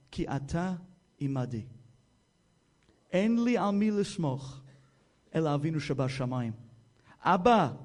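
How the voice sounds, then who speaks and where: A devout old woman praying at her bedside, voiced by a man. She pleads fervently in a high, rising voice. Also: a little mellow. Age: older.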